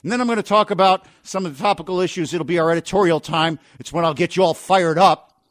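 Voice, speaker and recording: Male talk radio host with a slightly high voice and a dry studio sound. Punchy and opinionated. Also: no echo. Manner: brisk and opinionated, with rhetorical questions. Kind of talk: business talk radio with editorials.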